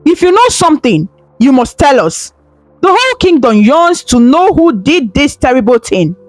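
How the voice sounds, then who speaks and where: A woman's voice: high-pitched, very animated, moderate pace, dry recording, faint music behind. A woman putting on a scheming, outraged prince. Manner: bellowing, outraged. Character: jealous scheming prince, commanding, panicky.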